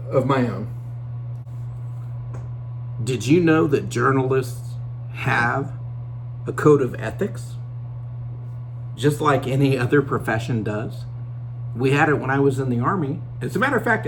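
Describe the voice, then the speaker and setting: Gravelly sarcastic male commentator. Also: mid-range voice, slight background noise. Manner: sarcastic, storytelling with mock quotes. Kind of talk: opinion commentary monologue.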